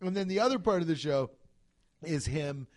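A fairly high-voiced man rambling through funny stories in loose, casual podcast chat. He talks with lots of energy, swears freely and swings into silly impressions mid-sentence. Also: normal speed. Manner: animated storytelling, swears freely, jumps into impressions.

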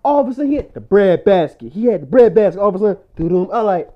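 Lively young man telling stories. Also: high voice, very fast. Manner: animated storyteller, acts out quotes, laughs often. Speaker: friend chatting. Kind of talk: casual chat. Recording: dull lo-fi recording.

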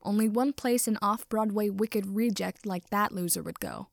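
A woman's voice: medium pitch, moderate pace, gravelly, no echo, natural voice. A woman doing a snarling young vampire guy. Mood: scornful. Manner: snarling, swearing, aggressive. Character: brash shouting young male vampire.

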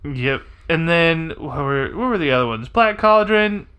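A woman's voice: sits low, expressive, measured pace, a bit bright, clear, resonant tone. A woman co-hosting a podcast in casual chat, rambling and hesitant with many fillers. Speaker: podcast co-host.

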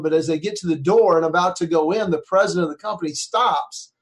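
A man telling a personal, faith-based story in an earnest, conversational way, acting out the people he quotes and growing softer as he nears tears. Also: a little high. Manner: earnest, acts out quoted voices, softens when emotional. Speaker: speaker. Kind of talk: storytelling talk.

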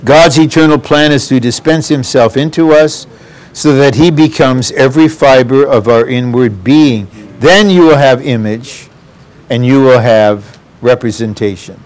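A man's voice: medium pitch, measured pace, darkish tone. A man preaching a sermon, earnest and addressing the congregation directly.

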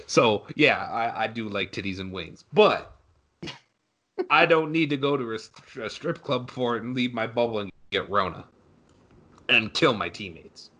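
A man's voice: mid-range voice, animated, measured pace, pushed and bright. A young man co-hosting a casual sports podcast, sarcastic and ranting, swearing freely. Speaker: podcast co-host.

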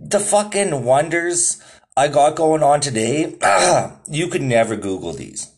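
A young man hosting his own podcast, telling a rambling, profane story in casual chat and laughing often. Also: medium pitch. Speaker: podcast host.

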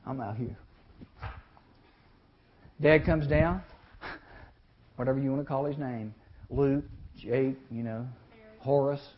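A man preaching to young people, folksy and animated, often asking the crowd questions and acting out the people in the story. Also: medium pitch, takes it slowly, pauses often. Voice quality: animated, acts out voices in the story. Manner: folksy, talks to the audience with questions. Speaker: youth speaker. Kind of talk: sermon. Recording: muffled lo-fi recording.

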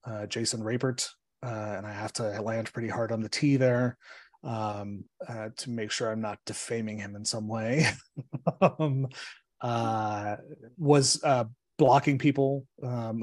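A man, an attorney guest, explaining legal cases in a measured way, pausing often on ums and uhs. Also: on the low side, steady tone, darkish tone, no echo.

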